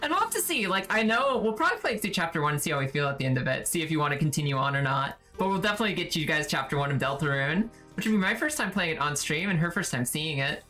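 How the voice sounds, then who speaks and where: A young woman talks casually as a stream host, her fairly low voice bright and lively as it swings up and down. She giggles often, breaking into high bursts of laughter. Faint music plays under her voice. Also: fast, few pauses. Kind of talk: casual chat.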